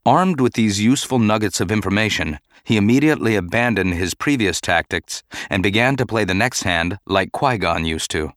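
Low-voiced man narrating a novel. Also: no echo, clean studio sound. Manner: steady, even storytelling. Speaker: audiobook narrator. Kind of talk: scripted narration.

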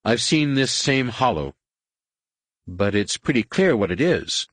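An earnest, urgent young woman pilot, as a male narrator puts her on, her voice lifted noticeably higher and swinging lively up and down. A husky edge shows under the raised pitch, and the recording is close and dry. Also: measured pace, no echo. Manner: pleading, earnest.

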